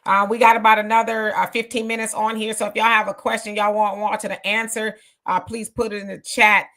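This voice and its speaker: A woman's voice: medium pitch, little pitch movement, brisk, a bit bright. A woman hosting a live-stream conversation, greeting viewers and asking questions with many fillers. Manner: friendly, filler-heavy questioning. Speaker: host.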